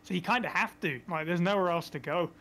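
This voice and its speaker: A relaxed man chats as a podcast guest and chuckles often along the way. His voice sits a little high for a man, and his delivery is easygoing. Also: fast. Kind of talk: casual podcast chat.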